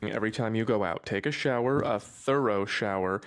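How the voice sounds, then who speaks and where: A man's voice: fairly low pitch, normal speed, a bit bright, smooth. A man speaking as a dating coach, giving blunt, matter-of-fact advice in an instructional video.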